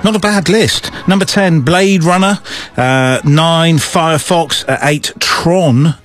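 A man's voice: fairly high pitch, slow pace, a bit bright. A man hosting a retro hits show, presenting a countdown in a chatty, upbeat way with small asides. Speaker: radio-style host presenting retro hits.

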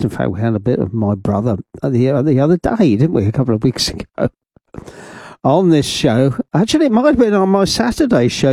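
A man's voice: mid-range voice, dark tone, no echo. An older man, presenting music on the radio in a rambling, chatty way with many ums and asides. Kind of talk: casual radio chat.

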